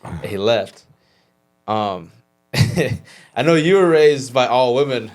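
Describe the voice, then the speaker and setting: A man co-hosting a podcast, chatting casually and asking questions in a laid-back, halting way. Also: mid-range voice, expressive, a little mellow. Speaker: podcast co-host. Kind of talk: casual chat.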